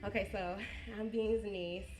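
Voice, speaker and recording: A woman, giving a birthday toast as a niece, halting and repeating herself, close to tears. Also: mid-range voice, steady tone, music in the background. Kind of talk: emotional party toast. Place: party hall, indoors. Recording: echoey room.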